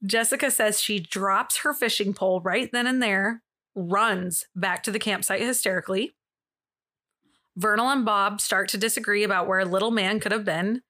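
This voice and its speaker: A young woman hosts a true-crime podcast and walks through a case in loose, conversational speech. Her voice is bright and crisp, and she laughs easily and drops the odd swear word. She sits at a middle pitch for a woman. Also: moderate pace. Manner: chatty, laughs often, swears. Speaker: podcast host. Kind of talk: casual true-crime storytelling.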